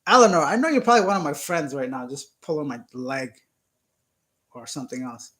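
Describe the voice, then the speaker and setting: A man's voice: a little high, sing-song, fairly quick, fairly bright tone. Joking Canadian man on a live stream. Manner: joking, laughs often, reads viewer comments aloud. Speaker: YouTube channel host. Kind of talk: casual live-stream chat.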